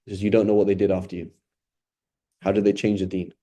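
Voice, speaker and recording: Male religious teacher, low, very warm and mellow voice, relaxed conversational delivery full of rhetorical questions. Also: fast. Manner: conversational, asks rhetorical questions, often adds "right?". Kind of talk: informal Quran study talk.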